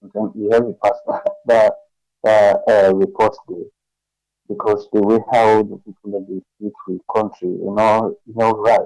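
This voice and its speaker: A man calls into a talk radio show with a Sierra Leonean Krio accent. His voice is low, gravelly and dark. He makes his points forcefully, with faint music behind him. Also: level tone, normal speed, no echo, poor audio. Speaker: radio call-in caller. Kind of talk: call-in commentary.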